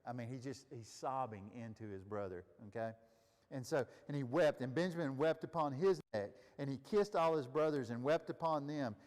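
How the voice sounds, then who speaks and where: A man's voice: mid-range voice, normal speed, a little mellow, big-room sound. A man leading a Bible study, teaching casually and asking the group questions. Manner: conversational, asks the group questions. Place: room with a group of listeners.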